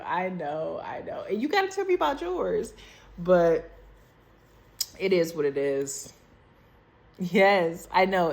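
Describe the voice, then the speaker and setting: A young woman with a slightly low voice is speaking into her phone on a video call. She tells a story in a loose, candid, profane way and keeps calling her friend "girl" and "baby". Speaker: storytime vlogger.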